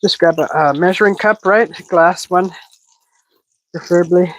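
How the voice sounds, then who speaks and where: A woman hosting a casual cooking livestream, chatting while she cooks, breathing a little heavily and breaking into excited squeals. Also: normal speed, low-quality recording. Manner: chatty, improvising, bursts into excited high squeals greeting chat.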